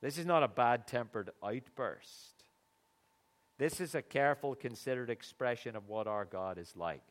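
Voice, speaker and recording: A man's voice: mid-range voice, normal speed. A middle-aged man preaching a sermon in an earnest, conversational way, with sudden emphatic bursts.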